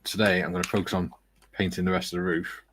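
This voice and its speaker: A man co-hosting a relaxed livestream, chatting and joking as he builds a scale model. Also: deep voice, fast, a little hiss or hum. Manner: chatty, joking, reads viewer comments aloud. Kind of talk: relaxed casual chat.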